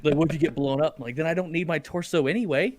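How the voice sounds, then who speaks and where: A man's voice: fairly high pitch, racing, darkish tone, a little hiss or hum. A young man hosting a podcast, telling crude, profane stories with lots of laughter in casual chat. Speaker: podcast host.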